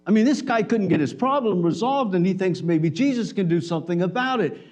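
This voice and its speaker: A man's voice: high voice, animated, a little fast, a little mellow. A man preaching a sermon in a church, conversational, with acted-out dialogue. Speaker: pastor.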